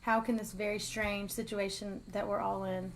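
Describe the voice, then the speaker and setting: A woman's voice: medium pitch, flat delivery, normal speed, slight background noise, rough recording. A woman co-hosting a live Bible study, talking in an earnest way and often breaking into giggles. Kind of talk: casual Bible talk.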